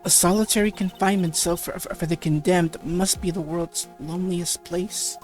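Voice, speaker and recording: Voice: mid-range voice, steady tone, moderate pace, darkish tone, close to an everyday voice. Reader doing a young woman lawyer, nervous, stammering, game dialogue, faint music behind. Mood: earnest. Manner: unsure, stammering. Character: nervous young female rookie defense attorney. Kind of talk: reading game dialogue aloud.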